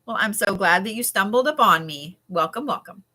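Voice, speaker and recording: Bright, chatty woman with a drawl, live tarot reader, animated and casual. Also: mid-range voice, brisk. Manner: chatty and animated, with frequent laughs and yawns. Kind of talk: live-stream card reading.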